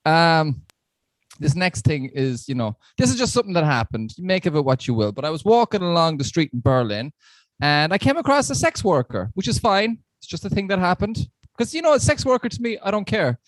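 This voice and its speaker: A man delivers a stand-up set over a live stream, rambling and self-mocking, chuckling at his own lines. His voice sits a bit high for a man and sounds dry and close, with no room around it. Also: sing-song, brisk, no room sound. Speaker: stand-up comedian.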